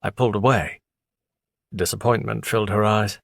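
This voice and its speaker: A man with a deep voice narrating a dark novel in the first person, in a measured, brooding manner. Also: fairly even intonation, no room sound, studio quality. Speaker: audiobook narrator.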